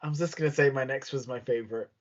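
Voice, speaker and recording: A woman's voice: a bass voice, very fast, lo-fi sound. A woman co-hosting a podcast, chatting casually with lots of laughter and acted-out quotes. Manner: giggly, animated, acts out quotes. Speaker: podcast co-host. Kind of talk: casual chat.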